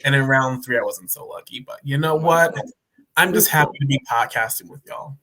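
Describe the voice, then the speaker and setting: A man's voice: medium pitch, a little fast, crowd noise, poor audio. A man co-hosting a podcast, recapping a game round in a playful, self-deprecating way. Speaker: podcast co-host. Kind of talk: casual chat.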